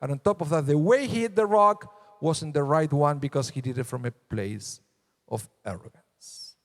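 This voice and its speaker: Rabbi's sermon in a reverberant hall. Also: male voice, a little high. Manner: unhurried and conversational, acting out voices from the text. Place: synagogue sanctuary.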